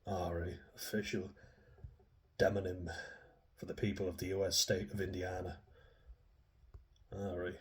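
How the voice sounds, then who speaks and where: A man's voice: deep voice, level tone, a little slow, long pauses. A man giving rambling, chatty commentary on a true crime story, often reading passages aloud. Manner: rambling and chatty, with laughs and restarts.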